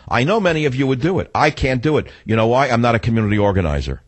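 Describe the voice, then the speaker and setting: A man's voice: medium pitch, animated, rapid-fire, breathy edge, no room sound. A male radio talk show host giving an indignant monologue full of repeated rhetorical questions.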